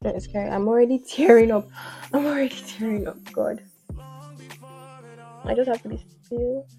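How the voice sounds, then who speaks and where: A woman's voice: a little high, moderate pace, dark tone, soft background music, poor audio. A woman beauty vlogger chatting casually while doing her makeup, rambling with lots of "like" fillers and playful asides.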